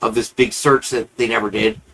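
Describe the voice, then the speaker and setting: A man's voice: fairly low pitch, little pitch movement, normal speed, gravelly, a bit bright, low-quality recording. A man hosting a live-stream show, telling a long rambling story in a casual, profane, chatty way.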